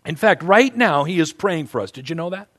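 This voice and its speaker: A man's voice: a little high, lively intonation, fairly quick, a bit bright. A male pastor preaching a conversational sermon, emphatic and often repeating his words as he builds a point.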